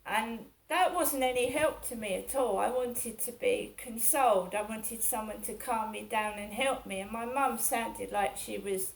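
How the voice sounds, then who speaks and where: A woman's voice: on the high side, a little slow, gravelly, few pauses. A middle-aged woman, talking through her day in a rambling, aggrieved personal monologue that circles back on itself. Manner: rambling and aggrieved, repeating herself. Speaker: vlogger.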